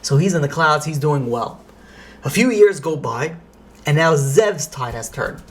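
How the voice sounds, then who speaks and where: A man's voice: a little high, measured pace. Man telling a story in a lecture. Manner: lively storytelling, sprinkled with Hebrew and Yiddish phrases. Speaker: rabbi.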